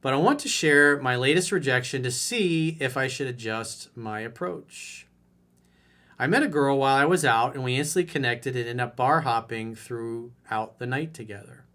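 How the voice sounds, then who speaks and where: A man's voice: a little high, a bit bright. A man who coaches people on dating, reading out a viewer letter and answering it in a blunt, mocking way.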